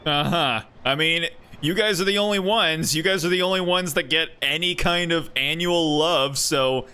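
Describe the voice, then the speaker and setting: A man's voice: a little high, moderate pace, bright, forceful tone, smooth. A young man streaming a game, chatting casually in a laid-back, rambling way. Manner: rambling, laid-back, with many fillers and restarts. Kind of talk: casual chat while gaming.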